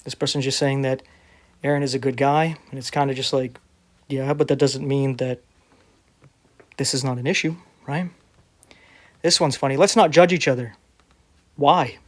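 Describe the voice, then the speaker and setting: A man who preaches online, reading viewer comments aloud and answering them in a sarcastic, defensive way. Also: medium pitch.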